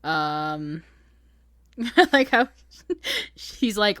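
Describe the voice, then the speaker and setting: A woman's voice: mid-range voice, sing-song, extremely slow, sharp tone, no room sound, studio quality. A woman co-hosting a podcast, retelling book chapters in a casual chat and laughing often. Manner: giggly, laughs often while retelling scenes. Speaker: podcast co-host.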